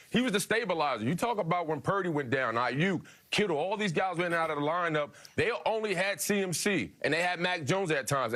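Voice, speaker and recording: A former offensive lineman breaks down a player with open enthusiasm. His voice sits slightly high for a man. He talks as a sports analyst on a panel. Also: fairly bright tone. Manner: enthusiastic, praising.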